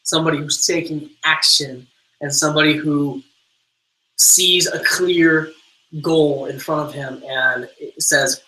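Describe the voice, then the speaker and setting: Male online trainer, bright, upbeat motivational delivery, loose and filler-heavy. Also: on the high side, slow, rough recording. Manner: energetic motivational coaching, many fillers. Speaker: team trainer. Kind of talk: live online training webinar.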